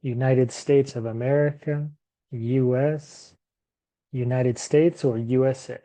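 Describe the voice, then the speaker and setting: A man gives a classroom lesson in a relaxed, mellow voice. He speaks slowly and repeats each word patiently for learners, thinking aloud as he goes. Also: medium pitch. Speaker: English teacher.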